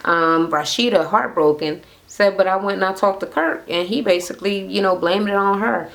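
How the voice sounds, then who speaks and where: In a creaky, slightly bright voice of medium pitch, a woman rants casually about a reality TV episode at a moderate pace. She's gossipy and profane, quoting cast members and performing their lines as she goes.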